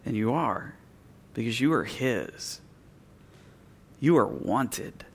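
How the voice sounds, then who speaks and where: A male pastor preaching a sermon in a church, earnest and emphatic, slowing and softening on key phrases. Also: medium pitch, lively intonation, gravelly, breathy edge.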